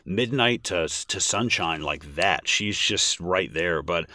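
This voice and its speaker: A man's voice: sits low, animated, slow, sharp tone, no echo, clean studio sound. A man co-hosting a casual movie podcast, rambling with lots of fillers and restarts. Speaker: podcast co-host.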